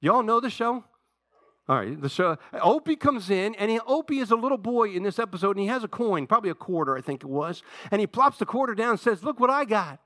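A preacher man with a slightly raised pitch, talking close and dry with no room sound around him. He tells an old TV story like a conversation with friends, with asides to the crowd, then turns quiet and earnest to press the question of trust. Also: animated, fast, no room sound. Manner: conversational storytelling, retells a TV episode with asides to the congregation. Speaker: pastor. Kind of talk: sermon.

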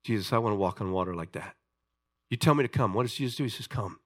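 A man preaching a sermon, telling a story with animated delivery and questions to his listeners. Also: on the low side, fast. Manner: animated storytelling, acting out voices, asks the audience questions.

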